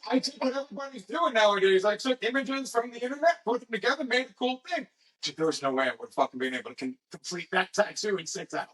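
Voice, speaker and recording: A man's voice: high voice, lively intonation, fast, a bit bright. A man, a tattoo artist and podcast guest, telling a story in casual conversation, swearing constantly and getting heated.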